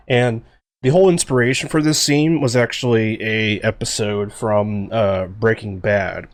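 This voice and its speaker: A man talking through his own series in a casual director commentary, excitable and rambling, with lots of fillers and restarts. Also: fairly low pitch, a little slow, no echo. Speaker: series creator and co-host.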